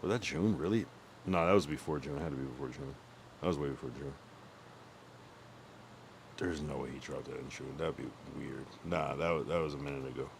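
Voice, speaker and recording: A man's voice: very deep voice, fairly quick, creaky, pauses often, a little hiss or hum. A young man streaming live, chatting casually and rambling with profanity while he thinks aloud. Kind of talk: casual livestream chat.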